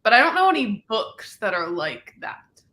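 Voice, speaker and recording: A woman's voice: a little high, big pitch swings, normal speed, bright, forceful tone. A young woman co-hosting a casual chat, mostly giving short, agreeable replies. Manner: brief, agreeable replies, occasional swearing. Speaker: co-host.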